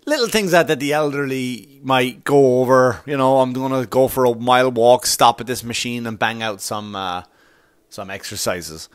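A man's voice: mid-range voice, moderate pace, clear, resonant tone, no room sound. Foul-mouthed ranting man, dry close mic. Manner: profane, exasperated ranting with asides to listeners. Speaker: podcast host. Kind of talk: comedic storytelling rant.

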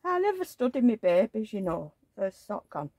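A woman's voice: medium pitch, sing-song, moderate pace, mellow, husky, no echo, rough recording. A middle-aged woman, rambling fondly in a casual home vlog while she handles her dolls. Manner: homely, rambling, fond chatter. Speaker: doll collector vlogger. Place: indoors at home.

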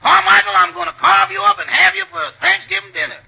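A man's voice: very high-pitched, fairly even intonation, fast talker, creaky, bright, forceful tone, lo-fi sound, full character voice. An actor playing a menacing male servant with a razor in a radio comedy dream. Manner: menacing, drawling threats. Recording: 1930s radio broadcast with hiss.

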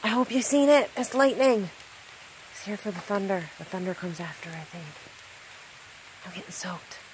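A woman in a casual phone vlog, chatting excitedly while she films a rainstorm outdoors. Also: medium pitch, moderate pace. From Newfoundland, Canada. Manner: chatty, excitable, rises into baby talk with her dog. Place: outdoors in a rainstorm, sheltering under cover. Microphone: phone held in hand. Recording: phone mic outdoors with light rain noise.

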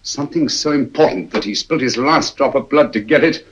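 An actor playing a cool, precise middle-aged detective in a 1940s film, speaking in clipped, deductive sentences. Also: male voice, medium pitch, fairly quick, slight background noise, natural voice. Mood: calm, probing. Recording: dull old film soundtrack.

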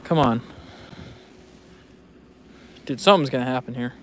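A man's voice: mid-range voice, unhurried, slight background noise. A young man vlogging in a casual, joking, rambling way who swears freely. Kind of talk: casual rambling vlog commentary.

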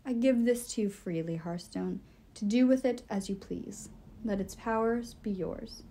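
A woman's voice: mid-range voice, a little slow, mellow, slightly rough. A woman voicing a pompous, greedy elderly male elf lord who talks in a haughty, commanding way.

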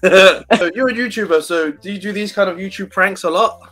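A man's voice: high voice, fairly quick, faint music behind. A man working as an online English tutor, joking and laughing a lot in a casual video call chat. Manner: jokey, animated, laughs a lot.

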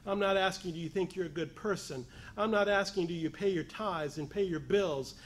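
A man preaching a sermon, building from measured explanation to emphatic, raised appeals. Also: sits high, slight background noise. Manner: rising to emphatic, raised voice on key points; pleading as he voices the lepers' cry.

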